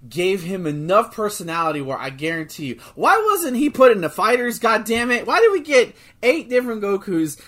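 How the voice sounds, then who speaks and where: A man co-hosting a podcast in casual chat, excitable, swearing freely and restarting his sentences often. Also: high voice, fairly quick, few pauses. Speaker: podcast co-host.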